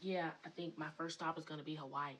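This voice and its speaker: A woman's voice: low-pitched, fairly even intonation, fast talker, heavy background noise, close to an everyday voice. A woman voicing a hesitant man musing about his dreams in a tentative, repetitive way.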